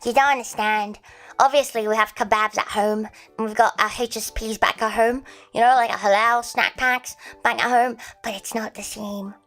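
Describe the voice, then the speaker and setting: A woman's voice: on the high side, fairly even intonation, normal speed, fairly bright tone, faint music behind. A young Australian woman streaming and chatting casually, rambling with lots of fillers, giggles and swearing. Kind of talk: casual livestream chat.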